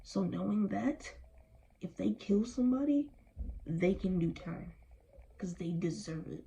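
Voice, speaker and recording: Angry, weary woman with a gravelly voice. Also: mid-range voice, animated, measured pace, mellow, slight background noise, low-quality recording. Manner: angry, weary, emphatic, with strong language. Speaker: vlogger. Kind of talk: impassioned personal vlog.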